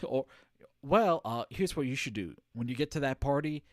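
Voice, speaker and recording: A man's voice: medium pitch, expressive, moderate pace, no echo, clean studio sound. A man streaming a game live, commenting in a rambling, jokey way.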